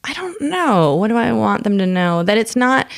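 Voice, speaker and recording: Gravelly animated woman comedian. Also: normal speed. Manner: animated storyteller, acts out quotes with big pitch jumps. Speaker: stand-up comedian. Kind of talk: casual podcast chat.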